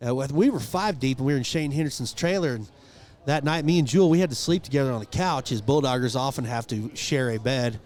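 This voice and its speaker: Outdoors at a rodeo, a man with a brisk, mid-range voice co-hosts a casual podcast. He's an animated, joking storyteller who acts out the quotes in his funny tales.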